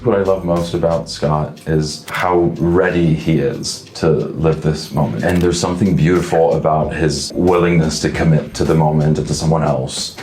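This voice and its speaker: A man with a very low, deep voice talks easily about his work, thoughtful and unhurried, circling back on his own phrases. He is from Canada. The sound is roomy, with a soft bed of music behind him. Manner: relaxed, thoughtful, restarts his sentences. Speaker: actor. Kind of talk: casual talk to camera.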